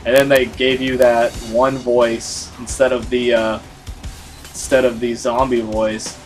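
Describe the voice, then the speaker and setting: A man's voice: medium pitch, little pitch movement, a little slow, faint music behind. A man giving casual let's-play commentary, rambling and filling his talk with "like". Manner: rambling, full of "like" fillers. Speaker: gaming video host.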